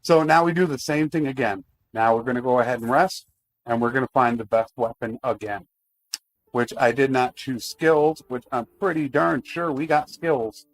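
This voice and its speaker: A man's voice: mid-range voice, moderate pace. A man streaming a video game live, chatting casually to his viewers while he plays. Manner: chatty, talks to chat while playing.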